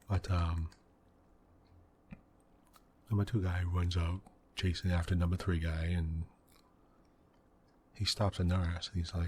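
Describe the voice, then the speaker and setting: Man, very low voice, soft-spoken ASMR game commentary, meandering storyteller, faint hiss behind. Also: flat delivery, takes it slowly, pauses often. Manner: rambling storyteller, many "you know" fillers; quiet, hushed delivery. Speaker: gaming channel host.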